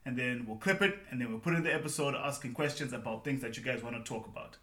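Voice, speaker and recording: Zimbabwe guy hosting a chill podcast, upbeat, kinda bright tone, roomy echo. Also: mid-range voice, fast. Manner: energetic, upbeat, laughs often. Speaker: podcast co-host. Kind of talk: casual podcast chat.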